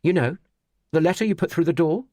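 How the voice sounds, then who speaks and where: A man's voice: fairly high pitch, brisk, warm tone, dry recording, studio quality, voice pushed up, lightly acted. A man voicing an anxious, insistent young husband in an audiobook, speaking raised and urgent. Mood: pressing. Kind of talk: audiobook character voice.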